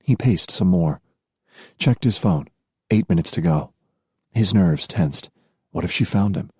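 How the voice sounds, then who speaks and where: A man narrating a romance audiobook in a measured storytelling voice. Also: low-pitched, lively intonation, mellow, breathy edge, dry recording, studio quality. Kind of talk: scripted narration.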